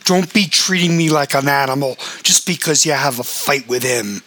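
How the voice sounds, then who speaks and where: A man's voice: mid-range voice, moderate pace, pushed and bright, natural voice. A man voicing a hot-tempered middle-aged father who hollers in a story reading. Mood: angry.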